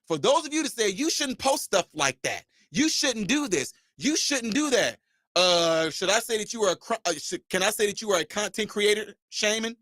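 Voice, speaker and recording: Man ranting on his channel, lively swooping pitch, bright forceful tone, dry close sound, shouts his punchlines, preachy and emphatic. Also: no echo. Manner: mocks imagined critics in a mimicking voice. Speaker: channel host. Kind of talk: animated commentary rant.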